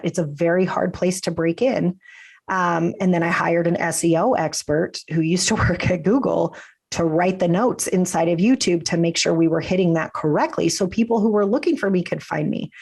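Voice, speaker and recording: Woman podcast guest, business coach, chatty and animated, has a cold. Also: lowish voice, slightly rough. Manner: chatty, animated, acts out quotes. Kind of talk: casual interview chat.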